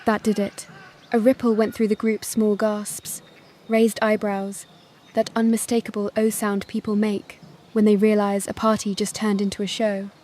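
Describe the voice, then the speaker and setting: A woman narrating a first-person family drama story in a calm, measured voice. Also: mid-range voice, a little hiss or hum.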